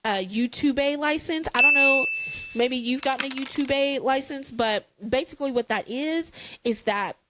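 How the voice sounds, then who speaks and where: A woman's voice: high voice, moderate pace, very noisy. A woman co-hosting a casual chat, telling a story dramatically with playful exasperation. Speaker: podcast co-host.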